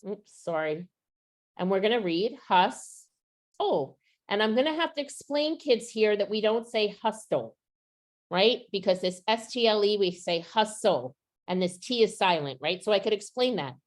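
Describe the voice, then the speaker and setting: A woman's voice: medium pitch, animated, normal speed. A woman training teachers over a video call, explaining step by step and asking the group questions. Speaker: literacy trainer.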